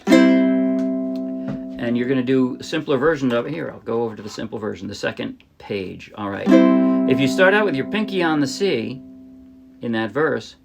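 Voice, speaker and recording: A middle-aged man from the New Jersey area teaching ukulele in a relaxed way, often restarting his sentences and singing short demo lines. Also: medium pitch, moderate pace, vocal fry, long pauses, loud music behind the voice. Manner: relaxed, explains with restarts and sung demos. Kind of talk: casual music tutorial. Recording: ukulele playing behind.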